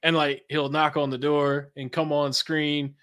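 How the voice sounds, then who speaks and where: A man's voice: fairly high pitch, level tone, measured pace, a bit bright. A man who is a podcast guest, talking in a laid-back, chatty way with casual swearing. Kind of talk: casual interview chat.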